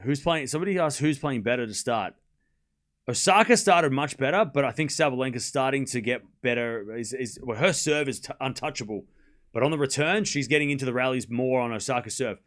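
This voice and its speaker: A man's voice: medium pitch, a little fast, a bit bright. A young man hosting a live tennis watchalong stream, mixing play-by-play with chatty joking asides. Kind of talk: live streamed match commentary.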